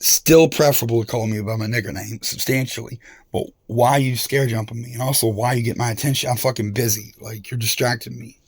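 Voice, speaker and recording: Gravelly man ranting profanely. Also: mid-range voice, fairly even intonation, fairly quick, no echo, studio quality. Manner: profane, confrontational, rambling. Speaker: vlogger. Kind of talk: rambling monologue rant.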